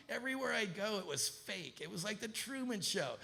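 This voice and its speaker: A middle-aged man from Southern California telling a business story to an audience, acting out the quoted voices with a rising pitch. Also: moderate pace, creaky, few pauses. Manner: animated, acts out quoted dialogue with rising pitch. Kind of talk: casual storytelling talk to an audience.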